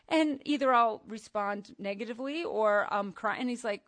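A middle-aged woman preaching to a women's gathering, emphatic and animated, moving from soft asides to loud outbursts. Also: on the high side, normal speed, no room sound. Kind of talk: sermon.

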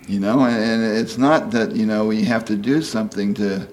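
This sixty-something man preaches in a conversational, homespun way, often tossing in "you know?" and acting out quoted speech. His lowish voice keeps a steady tone at normal speed, slightly mellow, over a bit of hiss or hum.

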